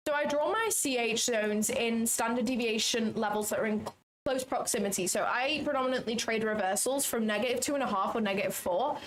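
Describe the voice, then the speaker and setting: A woman's voice: fairly high pitch, brisk, a little hiss or hum, low-quality recording. A young woman chatting frankly and with self-mockery while she walks through live trading commentary. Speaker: day trader streaming live. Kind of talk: casual livestream commentary.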